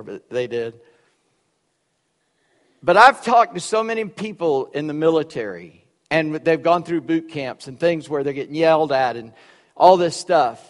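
A man's voice: fairly high pitch, animated, normal speed, in a large hall. A man preaching a sermon in a conversational, storytelling way with joking asides. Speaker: pastor.

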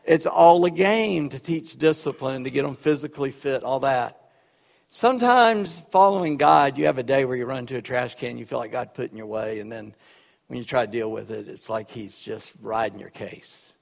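A man's voice: mid-range voice, moderate pace, gravelly, long reverb tail. A man preaching a sermon in a conversational, storytelling way with joking asides. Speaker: pastor.

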